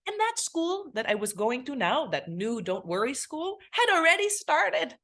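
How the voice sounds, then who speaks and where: A woman from England, a podcast guest, telling her personal story in an animated way and close to tears. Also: sits high, moderate pace. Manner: animated, acts out remembered voices. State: emotional, near tears.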